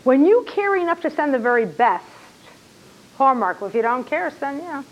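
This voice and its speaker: A woman teaching a classroom lecture, animated and excitable, full of rhetorical questions to her students. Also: high voice, moderate pace, dull audio.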